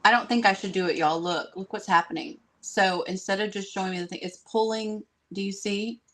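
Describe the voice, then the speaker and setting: A woman hosting a live craft stream, chatty and excitable, talking straight to her viewers. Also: medium pitch, fairly quick. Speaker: DIY craft host.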